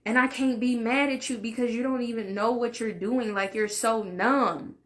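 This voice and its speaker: A woman's voice: a little high, fairly even intonation, moderate pace. A woman vlogger telling a personal story in a casual, open way, often saying "like". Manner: chatty, open, fills speech with "like".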